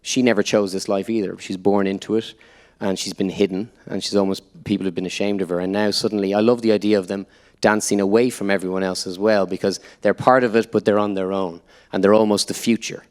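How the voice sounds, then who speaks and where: An Irish man speaks at a live on-stage Q&A, his voice sitting fairly low. He tells stories with energy and slips into quoted lines as he goes. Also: fairly quick. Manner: lively anecdotal storyteller, quotes others in voices. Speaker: actor guest on a panel. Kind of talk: on-stage Q&A storytelling. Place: live event venue before an audience.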